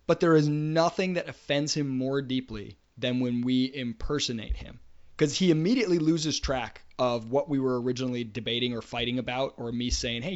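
A father co-hosting a casual podcast, telling anecdotes with frequent restarts. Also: mid-range voice. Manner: anecdotal, storytelling, hesitant restarts. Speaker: podcast co-host. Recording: dull lo-fi podcast audio.

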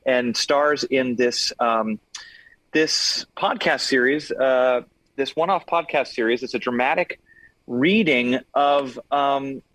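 A man's voice: medium pitch, takes it slowly, a bit bright, dry recording, low-quality recording. A man from Los Angeles, a singer and actor being interviewed over a video call, talking casually with many fillers and restarts.

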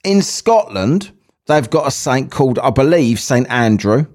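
A man's voice: mid-range voice, very animated, measured pace, a little mellow. A man hosting his own podcast, talking casually and swearing as he wanders between asides. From England. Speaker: podcast host. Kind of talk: casual solo podcast chat.

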